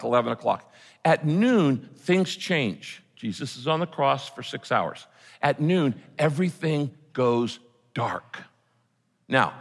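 Man preaching in a reverberant hall. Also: mid-range voice. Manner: earnest preaching, rising to loud cries, dropping to hushed quotes. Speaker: pastor. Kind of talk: sermon. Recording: long reverb of a large hall.

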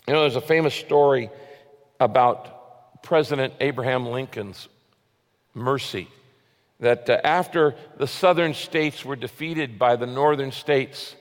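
A man preaching a sermon as a pastor, with earnest emphasis, often dropping to a soft, low voice. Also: long reverb tail.

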